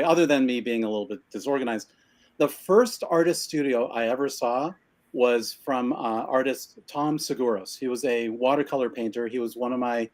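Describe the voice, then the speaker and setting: A man's voice: mid-range voice, a little mellow. A man co-hosting a live stream from his cluttered home office, out of breath and chatting in a rambling, self-deprecating way. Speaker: co-host of a live creative business show. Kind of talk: casual live-stream chat. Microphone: video call.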